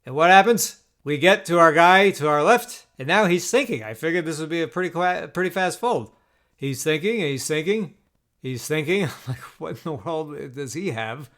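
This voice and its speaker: A man with a slightly high voice, recapping poker hands in a casual monologue, venting with frustration and lots of swearing. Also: normal speed. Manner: frustrated, profane, animated venting. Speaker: poker vlogger.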